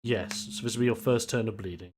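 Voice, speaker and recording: A game master running a tabletop wrestling game, animated and quick to laugh. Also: medium pitch.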